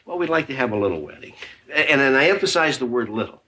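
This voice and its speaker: An actor playing a nervous, timid middle-aged son who stammers and hesitates, in 1970s sitcom style. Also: male voice, mid-range voice, lively intonation, quick pace, bright, forceful tone.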